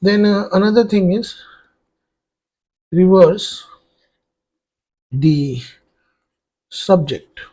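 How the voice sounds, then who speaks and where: Slow, high-voiced man tutoring French. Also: dark tone. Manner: explains step by step while writing on a board; spells words out letter by letter. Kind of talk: exam-prep grammar lesson.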